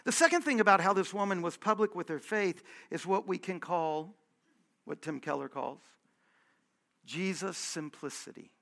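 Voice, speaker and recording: Male pastor, gravelly edge, conversational sermon with emphatic repetition. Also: high-pitched, moderate pace, a bit bright.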